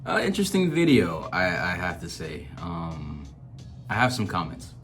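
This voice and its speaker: Deep-voiced man giving casual commentary. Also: huge pitch swings, moderate pace, a bit bright, faint music behind. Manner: chatty, opinionated, laughs at own jokes. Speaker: reaction video host.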